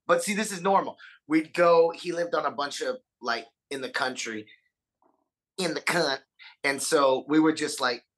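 A man telling animated stories on a casual podcast chat, swearing freely and acting out quotes. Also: mid-range voice. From Texas, USA. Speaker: podcast guest.

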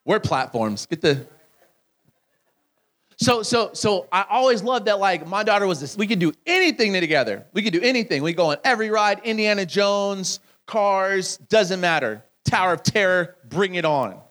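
A man's voice: high-pitched, normal speed. A man speaking at a camp, telling a joking story in a sermon and bantering with the audience, calling people up to help. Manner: animated, joking, calls people up on stage. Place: camp gathering, live audience. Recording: clear music playing behind the voice.

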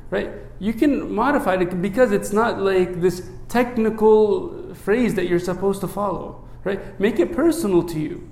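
A man who is a priest, preaching a sermon in an earnest way, often checking in with "right?" and dropping low and soft when he recites a prayer. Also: moderate pace, vocal fry, few pauses, reverberant. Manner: earnest, asks many rhetorical "right?" checks.

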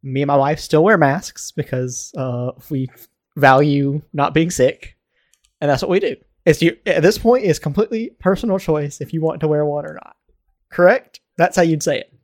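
A man from North Carolina co-hosting a casual podcast, telling anecdotes in a lively way and often laughing as he talks. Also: a little high, normal speed. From North Carolina, USA. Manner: animated storytelling, laughing while telling anecdotes. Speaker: podcast co-host.

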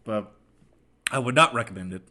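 Man, casual podcast chat, chatty, rambling, middle pitch. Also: lively intonation, normal speed, sharp tone. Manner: rambling, chatty, does mocking quoted voices. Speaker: podcast co-host.

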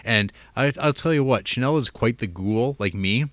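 A man's voice: mid-range voice, moderate pace, a bit bright, no echo. A man co-hosting a casual film chat, talking hesitantly with many fillers and giggles. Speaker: podcast co-host reviewing films.

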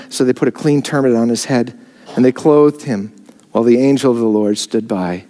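A man's voice: medium pitch, a little fast, dark tone. A man preaching a sermon, filmed on camera, rising in emphasis on key phrases. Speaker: pastor. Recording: long hall reverb.

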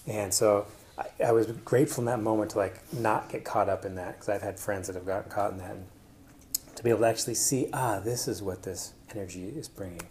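A man's voice: on the low side, fairly even intonation, fast talker, darkish tone, a little hiss or hum. A man presenting to an audience in a casual personal style, rambling with many fillers and restarts. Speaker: conference presenter.

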